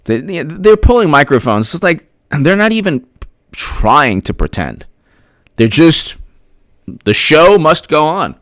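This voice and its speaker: A man talks straight into a close mic on a livestream, his pitch swinging widely as he fires off rhetorical questions and repeats himself for emphasis. The sound is dry and close, with no room around it. He stops often to thank viewers by name. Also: big pitch swings, unhurried, a bit bright, dry recording. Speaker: political commentary livestream host. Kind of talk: casual livestream commentary, reading chat.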